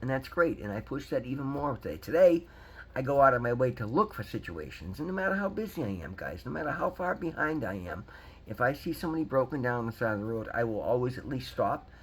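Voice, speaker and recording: A man's voice: medium pitch, very animated, fast talker, slightly rough, poor audio. A man, talking earnestly to his viewers in a rambling, repetitive way and calling them guys. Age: 50s. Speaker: recovery vlogger. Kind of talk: casual motivational talk to camera.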